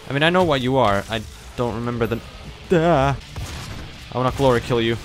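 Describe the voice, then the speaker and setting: Streaming a shooter he's never played, a young man talks through it casually in a medium-pitched voice, fairly quick but pausing often. Faint music sits behind him. He's skittish and yelps when startled, curses heavily, makes fun of himself, and speaks back to enemies.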